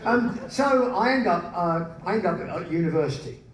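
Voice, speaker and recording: Lively guy telling funny stories live, high voice, echoey hall from far off, noisy. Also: moderate pace. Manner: animated, self-mocking, bursts into song. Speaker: spoken word performer. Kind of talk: live comic storytelling on stage. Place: large live venue. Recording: echoey hall, distant mic, background noise.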